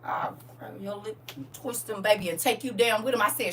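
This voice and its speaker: A woman's voice: medium pitch, brisk, a bit bright. A middle-aged woman hosting a live stream, telling blunt stories in casual talk. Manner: blunt, storytelling, scolding. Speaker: TikTok live host. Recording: distant from mic with faint noise.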